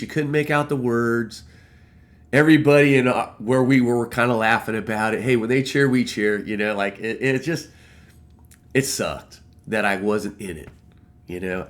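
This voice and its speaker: A man casually telling a personal story to camera, emotional and excitable, swearing freely. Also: medium pitch. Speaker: vlogger.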